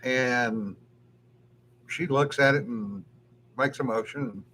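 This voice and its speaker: A man in an easygoing, chatty podcast conversation, spinning a story at a relaxed clip. His voice sits in a middle pitch, and a faint hum runs under the recording. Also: takes it slowly. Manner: easygoing storyteller, chuckles often. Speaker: podcast co-host. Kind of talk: casual chat.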